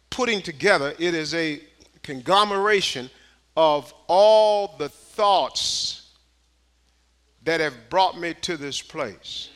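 A man preaching a sermon in church, dropping to a hush and climbing to shouted, repeated rhetorical questions with folksy street phrasing. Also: a little high. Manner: preaching with swings from hushed to shouted calls. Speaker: pastor. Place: church sanctuary.

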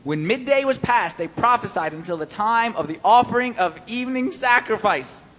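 A man preaching a sermon-style Bible study, animated and playful, quizzing his listeners. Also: high voice, normal speed, in a large hall.

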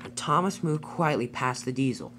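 A narrator telling a homemade toy-train story with lively delivery. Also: mid-range voice, normal speed, slight background noise. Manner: animated storytelling.

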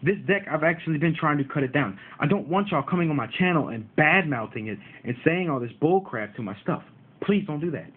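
A man's voice: fairly high pitch, animated, fairly quick, slightly rough. A man rants to his viewers about rude comments on his card game videos, repeating himself and mocking commenters. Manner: frustrated, repetitive, mocks commenters. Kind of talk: ranting vlog to viewers. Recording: tinny phone-like audio.

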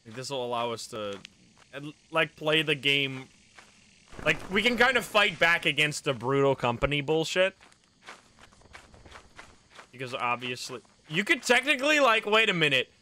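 Male streamer, excitable running game commentary, a bit high-pitched, noisy capture. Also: normal speed, pauses often. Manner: excitable, swears and laughs often. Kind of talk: casual live gameplay commentary.

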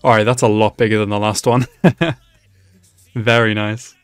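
A lowish, moderately paced male voice, clean in tone and dryly recorded, belongs to an anime reaction host. He reacts live in a casual way, laughing frequently, with excitable exclamations and remarks aimed at the screen.

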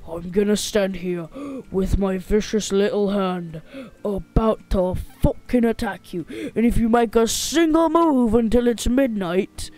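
Bossy threatening animatronic fox voiced by a man, fake british accent, loud, high voice. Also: measured pace. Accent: put-on British. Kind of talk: game role-play voice acting.

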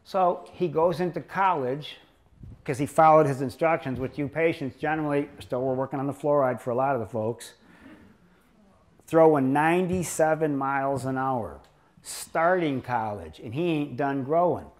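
A man's voice: medium pitch, normal speed. A man giving a lecture to an audience as a doctor, telling patient stories in a rambling, joking way. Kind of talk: anecdotal lecture to a live audience.

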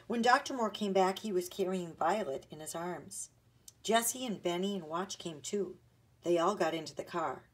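A woman narrating a children's chapter book aloud in an expressive storytelling manner. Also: on the low side, moderate pace, husky.

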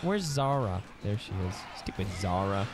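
A man's voice: fairly low pitch, very animated, moderate pace, noisy background. A man hosting a let's play, joking around and laughing a lot in casual gameplay commentary. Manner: goofy, laughs often, jokey.

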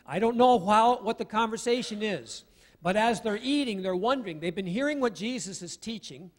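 A man with a high voice preaches to his congregation in a relaxed, conversational manner, full of asides. His voice rings out with the long reverb of a church hall. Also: normal speed. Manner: conversational, with asides and acted-out quotes. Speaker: pastor. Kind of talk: sermon. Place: church sanctuary.

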